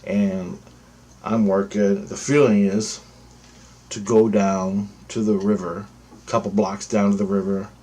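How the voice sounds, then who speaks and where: Husky low-voiced man rambling a story. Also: flat delivery, unhurried, warm tone. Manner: rambling, repetitive, swears freely. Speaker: vlogger. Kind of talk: casual spoken storytelling.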